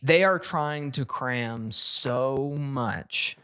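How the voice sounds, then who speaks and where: A man venting on a gaming podcast in a lively, ranting rush, tripping over his words and restarting sentences. His voice sits at an ordinary middle pitch, close to the mic. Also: drawn-out words, clear, resonant tone. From not British. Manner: animated, ranting, many restarts. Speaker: podcast co-host. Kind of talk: casual gaming podcast chat.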